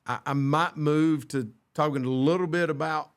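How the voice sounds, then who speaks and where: A man's voice: a little high, fairly even intonation, normal speed, clean tone. A man co-hosting a church podcast, talking earnestly about friendship and quoting scripture, with frequent restarts. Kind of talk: casual faith discussion.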